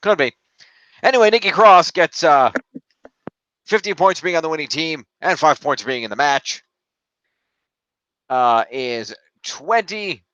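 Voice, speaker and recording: A man co-hosts a casual podcast, rambling through recaps and tallying points aloud. His pitch moves around a lot as he talks. He is recorded on a dull, lo-fi microphone with a dry sound. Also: animated, unhurried, long pauses, a bit bright, no room sound. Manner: rambling, counts points aloud, trails off while looking things up. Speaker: podcast co-host scoring a fantasy league. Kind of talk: casual chat.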